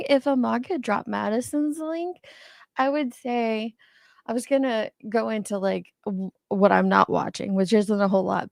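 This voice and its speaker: Older woman livestream host, chatty and laughing, fairly high with some fry. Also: no echo, clean studio sound. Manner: chatty, greets viewers, laughs often. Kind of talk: casual live chat.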